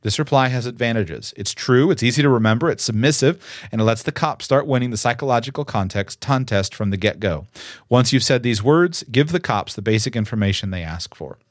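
A man's voice: mid-range voice, expressive, a little fast, no echo, clean studio sound. A young man who reads a guide aloud and adds his own earnest, emphatic advice, stressing the key words. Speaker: instructor giving advice. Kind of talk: reading a guide aloud with commentary.

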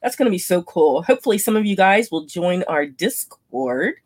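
Lively woman podcast co-host. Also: on the low side, moderate pace. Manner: animated, laughing often. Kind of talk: casual podcast chat.

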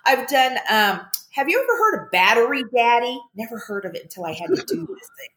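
An older woman chatting upbeat on a video call, telling stories with animated quotes. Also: a little high, brisk, roomy sound. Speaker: guest, commercial actress. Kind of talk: casual chat on a video call.

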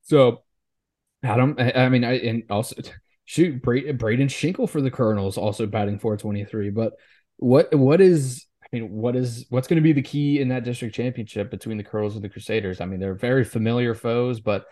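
A man co-hosting a high school sports podcast, chatting casually and often restarting his sentences. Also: mellow. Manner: halting, with many restarts and repeated words.

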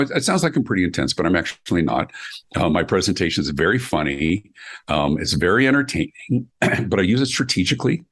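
A man's voice: a bit bright, slightly rough. A middle-aged man, a guest speaker and consultant, telling stories in an interview and acting out quoted dialogue with his voice. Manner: acts out quoted dialogue with big pitch jumps. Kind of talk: animated storytelling interview.

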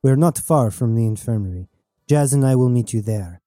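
A man's voice: medium pitch, moderate pace, dark tone, no room sound, studio quality, lightly acted. A man playing a brooding, subdued spaceman. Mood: calm. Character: brooding, hurt male space traveler.

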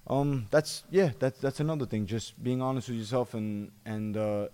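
A man's voice: mid-range voice, normal speed, mellow. A man, a professional fighter, talking reflectively in a podcast chat, with many restarts and repeated phrases.

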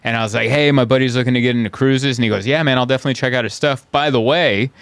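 A man's voice: very fast, clear, resonant tone, no room sound. Dry-sounding man telling road stories. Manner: animated, acts out characters in high voices. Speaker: stand-up comedian, podcast host. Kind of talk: casual storytelling chat.

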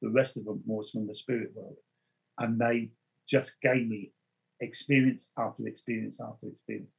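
Guy, a medium, a bit husky, earnest storytelling, keeps restarting words. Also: on the low side, steady tone, moderate pace, low-quality recording. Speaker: spiritual medium. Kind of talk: storytelling in conversation.

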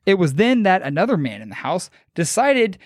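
A man's voice: sits high, big pitch swings, moderate pace, no echo, studio quality. Man telling a story, casual and profane. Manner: loose, profane, joking retelling. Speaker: podcast host.

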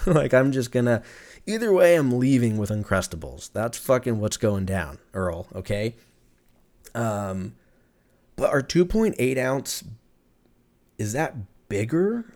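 A man's voice: on the low side, normal speed. A young man hosting a podcast, ranting casually with profanity, jokes and frequent laughter. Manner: profane, joking, animated, laughs often. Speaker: podcast host. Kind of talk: casual solo podcast rant.

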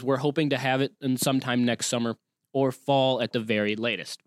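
A man hosting a casual solo podcast, with a medium-pitched voice. He rambles, gets sarcastic and swears freely. The sound is dry and close, with almost no room. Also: little pitch movement, brisk, no echo. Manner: rambling, sarcastic, swears often, interrupts his own reading. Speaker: podcast host. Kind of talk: casual solo podcast, reading and reacting to a listener story.

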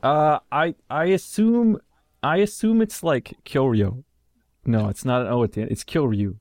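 A man's voice: medium pitch, a little slow, no room sound. A man with a Texan accent, chatting and joking with friends on a podcast. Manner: animated, laughing, joking asides. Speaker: podcast co-host. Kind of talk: casual group chat.

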